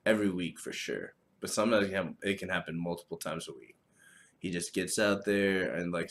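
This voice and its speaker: A man hosting a solo podcast, talking casually in a profane, rambling, animated way. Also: sits low, slight background noise. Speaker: podcast host.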